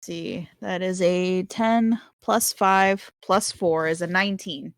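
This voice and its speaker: A woman playing a tabletop game, playful and quick to laugh. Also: on the low side, steady tone, no room sound, clean studio sound. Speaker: player. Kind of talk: casual tabletop role-play.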